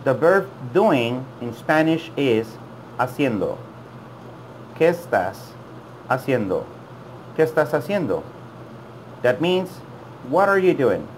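A man teaching a language lesson, repeating words slowly and patiently for learners to copy. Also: medium pitch, slight background noise. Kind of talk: slow, deliberate language lesson.

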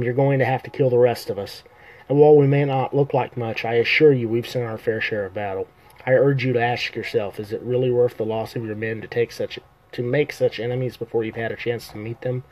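A man voicing a diplomatic human adventurer in a live reading of a fantasy novel, measured and persuasive. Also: medium pitch, steady tone, muffled recording, lightly acted.

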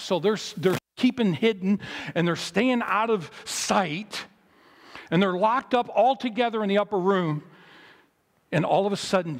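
A pastor giving a sermon at a memorial service in a chapel, telling a story with big swings between loud, high moments and low, quiet ones. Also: male voice, a little slow, long reverb tail. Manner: animated storytelling with big swings in pitch and loudness.

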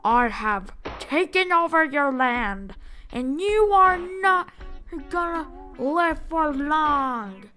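A menacing video game villain who barks orders at his monsters, as a high-voiced female gamer puts him on. The voice sits high and moves slowly, with a commanding, threatening edge. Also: lively intonation, bright, forceful tone, faint music behind, heavily acted. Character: menacing villain taking over the land.

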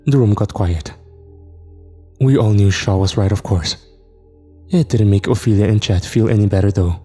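A man narrating a first-person horror story in a steady, reflective way. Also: fairly low pitch, normal speed, long pauses, husky. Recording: reverb with faint music.

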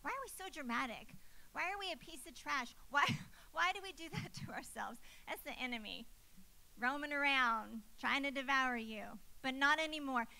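Bright, high-voiced woman preaching. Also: animated, moderate pace, vocal fry, poor audio. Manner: emphatic, repeats phrases for effect. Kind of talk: sermon.

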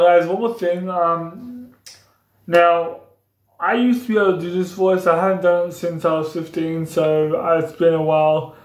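Young guy rambling on about how to do voices, kinda high voice, echoey room. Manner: rambling, repetitive explanations. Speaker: YouTuber doing voice impressions. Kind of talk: casual vlog tutorial.

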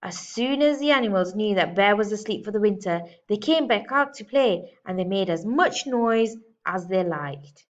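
Woman teacher, storybook read-aloud for kids, gentle, slightly dull lo-fi sound. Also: medium pitch, animated, normal speed, few pauses. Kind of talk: reading a picture book aloud to children.

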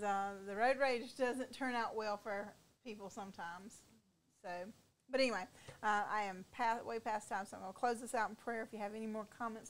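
A woman's voice: mid-range voice, poor audio. A woman church leader who talks casually with many fillers, then closes the gathering with an earnest prayer.

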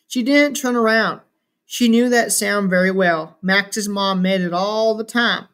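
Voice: medium pitch, unhurried, fairly bright tone, smooth. Reader narrating a storybook aloud. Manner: unpolished reading with slips and restarts. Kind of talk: reading a novel aloud.

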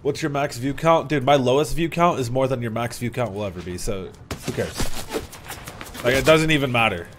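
A young man streaming a game live, chatting with his teammate, thanking viewers loudly and swearing casually. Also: medium pitch, brisk, noisy background. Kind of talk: live-stream gameplay chat.

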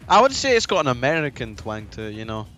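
A young man with a Scottish accent talks to his stream chat while he plays. His voice sits at an ordinary middle pitch. He gets excited easily, swears freely and laughs a lot. Soft music plays faintly behind him. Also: quick pace. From Scotland.

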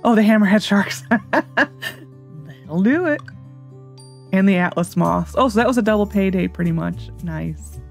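A woman hosting a let's play, chatting casually and thinking aloud as she corrects herself, recorded on a desk microphone set a little loud. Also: mid-range voice, expressive, measured pace, gravelly, pauses often, soft background music. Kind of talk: casual gameplay commentary.

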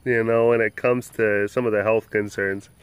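A man's voice: lowish voice, little pitch movement, moderate pace, clear, resonant tone, no echo. A man hosting a vlog, chatting casually and playfully in a rambling way about animal care. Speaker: sanctuary keeper and vlog host.

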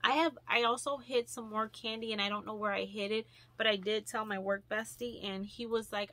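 A young adult woman vlogger chatting casually, gushing over gifts and filling pauses with ums and likes. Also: fairly high pitch, fairly even intonation, a bit bright. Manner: chatty, gushing, with many fillers. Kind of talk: casual vlog chat.

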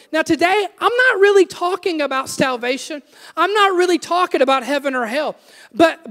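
An earnest middle-aged man delivers a sermon, pressing his listeners with direct questions. His voice sits very high for a man. It rings out with a long echo through a church hall. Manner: earnest, emphatic preaching with rhetorical questions. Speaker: pastor. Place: church sanctuary.

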